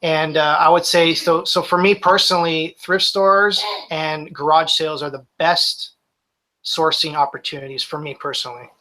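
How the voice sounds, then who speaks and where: A man's voice: fairly high pitch, steady tone, normal speed, pushed and bright, slight background noise, low-quality recording. A man in his forties, a reseller guest talking casually in a live-streamed interview, rambling with restarts.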